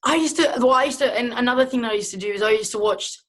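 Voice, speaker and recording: A woman's voice: fairly high pitch, racing, a bit bright. Chatty Australian woman boxer. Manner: chatty, swears freely, rambling restarts. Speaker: professional boxer, guest. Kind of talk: casual interview chat.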